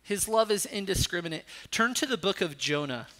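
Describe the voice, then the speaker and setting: A man's voice: sits high, lively intonation, a little fast, bright, forceful tone. A man preaching a sermon, reading scripture aloud between teaching points and rising sharply when he voices a character's anger. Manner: rises sharply when voicing Jonah's anger. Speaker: pastor.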